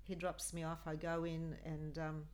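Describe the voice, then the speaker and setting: A woman's voice: low voice, monotone, measured pace. Middle-aged woman telling her story. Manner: earnest, acts out quoted speech. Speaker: guest, mother of a host. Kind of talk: personal storytelling in a podcast chat.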